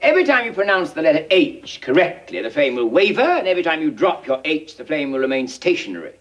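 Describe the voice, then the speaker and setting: A stern phonetics professor. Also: male voice, fairly high pitch, sing-song, muffled recording. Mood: instructive. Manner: precise, instructive, drawn-out elocution. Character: stern upper-class male phonetics professor. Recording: old film audio with faint background noise.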